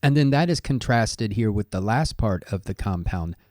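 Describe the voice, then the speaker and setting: A man teaching an ancient language in a measured, scholarly way, thinking aloud with small pauses as he explains each word. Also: on the low side, animated, a little mellow, no echo, studio quality. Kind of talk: explanatory lesson monologue.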